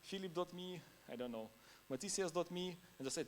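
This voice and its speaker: Here a male conference speaker talks in non-native English in an informal, anecdotal way, laughing occasionally between points. The voice is high and animated at a fairly quick pace, with a slight hiss or hum.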